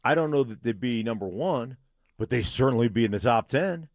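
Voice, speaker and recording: A man's voice: mid-range voice, expressive, brisk, no echo. A man co-hosting a sports radio show, giving opinions in casual studio talk.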